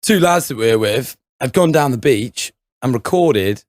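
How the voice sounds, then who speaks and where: A man's voice: medium pitch, expressive, normal speed, dry recording. A young man on a podcast, telling a rambling anecdote full of fillers and laughs. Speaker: podcast co-host. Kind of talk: casual chat, storytelling.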